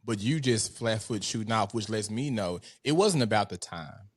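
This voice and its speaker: A man's voice: lowish voice, normal speed, husky. A man co-hosting a podcast, reacting in blunt, profane casual chat and laughing a lot.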